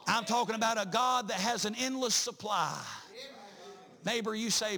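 Man, preacher, sermon, bright cutting tone, chanting delivery. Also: high-pitched, normal speed. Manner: chanting, rising to shouts, many "uh" breaks.

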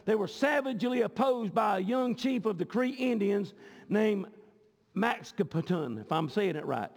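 Fiery high-voiced preacher, gravelly. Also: male voice. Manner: impassioned preaching, repeats words as he goes. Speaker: pastor. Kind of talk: sermon. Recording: long hall reverb.

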